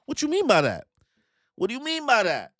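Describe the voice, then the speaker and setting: Reacting live to a manga chapter, a young man with a very high voice speaks briskly, slangy and joking as he voices the characters in put-on styles with animated energy. The sound is clean studio quality with no echo.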